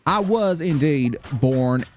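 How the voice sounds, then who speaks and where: Cussing streamer with a Southern drawl. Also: male voice, on the high side, expressive, takes it slowly, soft background music. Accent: put-on Southern US drawl. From Michigan, raised largely in the US South. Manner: profane, laid-back, chatty. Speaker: game streamer. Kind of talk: casual live gameplay commentary.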